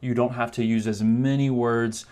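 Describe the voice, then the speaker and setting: A man's voice: medium pitch, little pitch movement, a little mellow. A man coaching men on confidence, talking to the camera in a conversational way and acting out brief demonstrations. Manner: conversational, explains with quick demos and mock voices. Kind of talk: direct-to-camera coaching talk.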